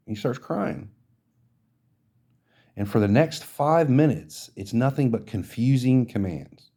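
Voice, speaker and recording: A man's voice: medium pitch, expressive, a little slow, long pauses, dark tone, slightly rough. A man hosting a podcast, delivering an indignant, profane rant of social commentary. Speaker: podcast host.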